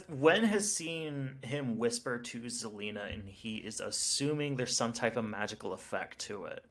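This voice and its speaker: A man playing a tabletop game, calmly explaining what his character does and how his ability works. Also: medium pitch, measured pace. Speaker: player. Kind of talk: casual game talk.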